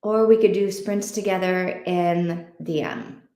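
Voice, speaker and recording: A woman's voice: on the low side, big pitch swings, measured pace, vocal fry, dark tone, roomy sound. A woman hosting an online reading group, chatting casually and thinking aloud with many fillers. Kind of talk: casual livestream chat.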